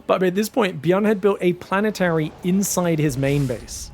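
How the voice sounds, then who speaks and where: A man casting a video game match on his own, chatty and excitable, often laughing and restarting his sentences. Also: high-pitched, moderate pace, vocal fry, faint music behind. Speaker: esports caster. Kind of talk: solo game commentary.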